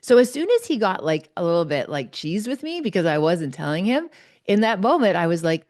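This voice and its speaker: A woman host telling a personal story in an animated, chatty way, peppered with "like". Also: medium pitch, fairly quick, no echo, studio quality. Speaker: podcast host, psychologist.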